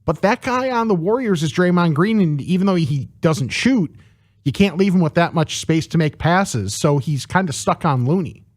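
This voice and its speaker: Man, radio co-host, slightly high voice, analytical, dry asides, dry close sound. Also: animated, moderate pace, dry recording. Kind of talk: basketball analysis on talk radio.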